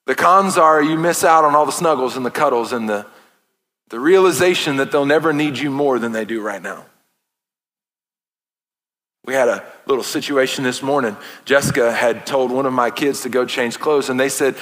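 Bright-voiced preacher in a reverberant hall. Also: male voice, mid-range voice, moderate pace. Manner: earnest, impassioned preaching with playful asides. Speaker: pastor. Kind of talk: sermon. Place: church sanctuary. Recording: long reverb of a large hall.

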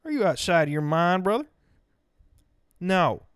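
Guy ranting on his podcast, swears nonstop, kinda high smooth voice, dry close sound. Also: big pitch swings, measured pace, no echo. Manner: blunt and sarcastic, swears constantly. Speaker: podcast host. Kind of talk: profane ranting monologue.

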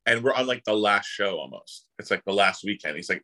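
Animated low-voiced man telling stories. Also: brisk, low-quality recording. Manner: animated, voices others in quotes. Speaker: guest actor. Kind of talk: casual storytelling.

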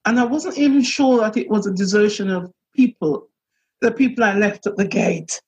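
Husky-voiced woman minister, halting and earnest. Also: medium pitch, a little mellow, lo-fi sound. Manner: earnest, halting, with many pauses and restarts. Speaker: minister and priest. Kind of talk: reflective personal testimony.

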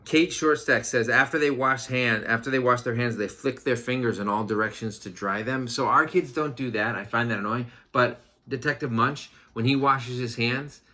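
A man's voice: mid-range voice, normal speed, hardly any pauses, bright, forceful tone. A man in his thirties co-hosting a podcast, chatting casually with profane, joking rants about his kids. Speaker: podcast co-host. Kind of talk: casual chat.

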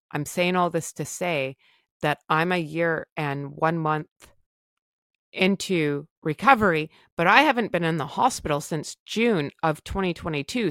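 A woman from Canada shares a personal recovery story in a candid, chatty monologue with self-deprecating asides. Her voice sits low. The recording is dry and close, with no room sound. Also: fairly bright tone, dry recording. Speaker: podcast host.

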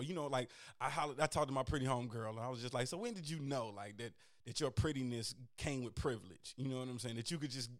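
A man talking casually and candidly about dating, animated and profane, getting loud and high when worked up. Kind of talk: casual chat.

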